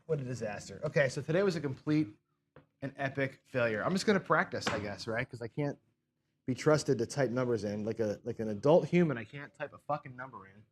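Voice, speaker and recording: A man's voice: medium pitch, animated, fairly quick, a little hiss or hum. A man hosting a live craps stream in casual chat, frustrated and self-deprecating, swearing and scolding himself over his mistakes. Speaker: craps show host.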